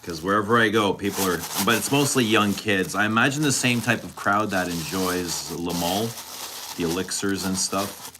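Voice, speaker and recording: A man with a very low voice talks casually to his live-stream viewers. He is chatty and teasing and answers them directly. A clear hiss of noise sits under the recording. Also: moderate pace. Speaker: fragrance streamer.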